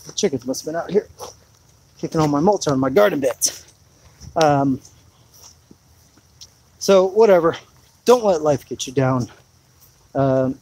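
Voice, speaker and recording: A man's voice: fairly high pitch, a little mellow, poor audio. A man rambling through a laid-back live chat outdoors in his rainy backyard, full of fillers. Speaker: homesteading vlogger.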